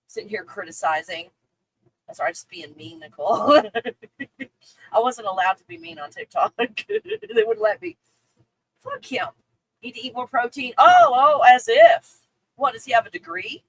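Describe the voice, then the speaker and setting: A woman's voice: a little high, sing-song, normal speed, long pauses, slightly rough, low-quality recording. A woman hosting a casual livestream, reading viewer comments and ranting with lots of swearing and laughter. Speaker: livestream host.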